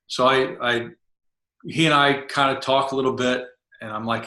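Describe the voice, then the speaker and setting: A man's voice: mid-range voice, level tone, normal speed, sharp tone, reverberant. A middle-aged man, a former Navy SEAL chief, telling a vivid first-person story on a podcast and acting out the dialogue. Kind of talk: storytelling in an interview.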